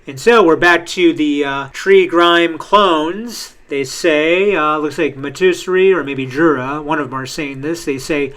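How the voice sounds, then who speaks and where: A man hosting a casual manga reaction, talking excitably with frequent fillers as he reads through pages. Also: on the high side, a little slow, hardly any pauses. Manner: excitable, hyped, lots of uh fillers.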